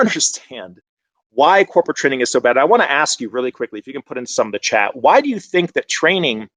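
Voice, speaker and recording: A man giving an online conference presentation in a conversational, animated way, with frequent fillers. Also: medium pitch, dry recording.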